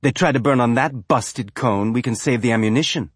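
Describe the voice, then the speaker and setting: A man's voice: mid-range voice, a little fast, breathy edge, dry recording, clean studio sound, natural voice. A man voicing a blunt, derisive woman weapons officer. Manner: clipped, offhand.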